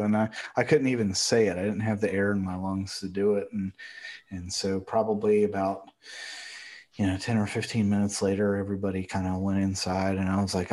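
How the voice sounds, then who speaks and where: Middle-aged male host, lowish voice, halting, emotional. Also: little pitch movement, darkish tone. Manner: halting, emotional, gets choked up. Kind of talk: casual conversation.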